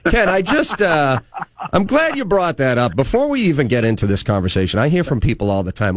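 A man's voice: medium pitch, very animated, brisk, no echo. A man from Boston hosting a morning talk radio show from the studio in an upbeat announcer delivery. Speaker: radio host.

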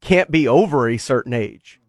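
A man's voice: medium pitch, lively intonation, normal speed, no room sound, clean studio sound. A man co-hosting a sports radio show, teasing his partner and asking pointed questions with a chuckle. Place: radio studio. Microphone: studio mic.

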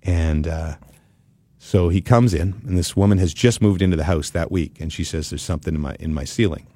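A man hosting a podcast who tells a story in a casual, animated way and laughs often. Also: low voice, brisk, no echo. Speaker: podcast host.

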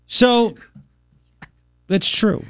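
A man in his thirties hosting a radio talk show, ranting in an animated, sarcastic way with mocking impressions. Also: sits high, extremely slow, smooth, no echo, clean studio sound. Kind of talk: opinionated talk radio monologue.

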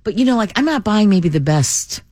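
A woman co-hosting a casual radio talk show, chatty and quick with a joke. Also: mid-range voice, expressive, darkish tone, dry recording, clean studio sound. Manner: quick-witted, chatty, joking. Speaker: radio co-host. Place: radio studio.

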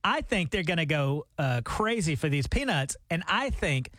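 A man co-hosting a morning radio show, chatting and telling stories in a jokey, animated way. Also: fairly high pitch, normal speed, no echo, clean studio sound. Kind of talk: casual radio banter. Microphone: studio microphone.

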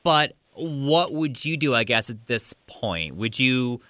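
Bright-voiced radio show host, dry studio sound. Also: male voice, mid-range voice, expressive, slow pace, dry recording. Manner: conversational, prompting callers. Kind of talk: call-in radio talk. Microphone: studio microphone.

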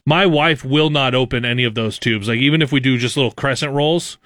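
A man hosting a casual radio talk show, reading out listener messages in a quick, chatty way. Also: medium pitch, a bit bright, dry recording, clean studio sound. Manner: reads listener texts aloud, quick and chatty with laughs.

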